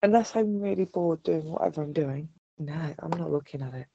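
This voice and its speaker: A woman's voice: sits low, brisk, creaky, dark tone, slightly rough, dry recording. A woman rambling hesitantly in casual podcast chat, with many fillers. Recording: dry, muffled lo-fi audio.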